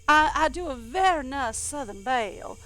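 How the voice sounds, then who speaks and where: A woman from the eastern US, streaming a game and chatting in a lively, animated way, with quick asides as she reads aloud. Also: sits high. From eastern United States. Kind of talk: casual game commentary and reading aloud.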